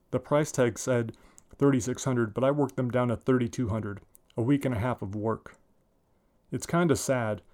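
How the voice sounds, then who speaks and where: A man's voice: mid-range voice, darkish tone. Man in his forties reading his story. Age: 40s.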